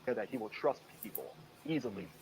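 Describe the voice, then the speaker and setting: A man's voice: lowish voice, animated, brisk, darkish tone, a little hiss or hum, low-quality recording. A man telling stories in a casual interview, rambling with many "you know" fillers and acting out what others said, from Michigan. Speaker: guest.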